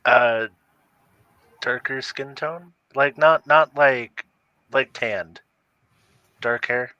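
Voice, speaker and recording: A man talks loosely in casual chat, his speech full of "like". His voice is bright and forceful, and the sound is dry. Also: medium pitch, extremely slow, dry recording, muffled recording. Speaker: psychic medium.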